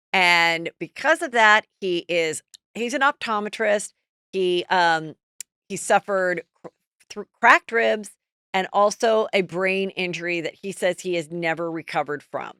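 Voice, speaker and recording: A middle-aged woman hosting a podcast, chatting casually and gossiping about celebrities in an animated storytelling way. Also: on the low side, clean tone, dry recording, studio quality. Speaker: podcast host.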